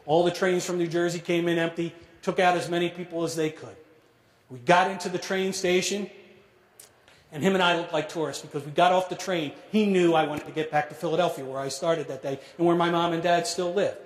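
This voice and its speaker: A middle-aged man telling a personal story to an audience, measured and dramatic, dropping to a hush at grave moments. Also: a little high, fairly even intonation. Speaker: speaker telling a survivor story. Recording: echoey hall.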